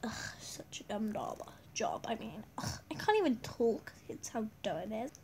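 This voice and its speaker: A woman's voice: on the high side, big pitch swings, normal speed, darkish tone, whispered. A young woman voicing a bored, dismissive school announcement girl who whines, in an amateur role-play drama. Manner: whiny and dismissive.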